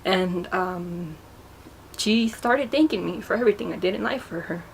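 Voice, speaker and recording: A woman's voice: lowish voice, creaky, slight background noise. Emotional young woman telling a personal story. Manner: emotional, halting, repeats words. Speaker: vlogger.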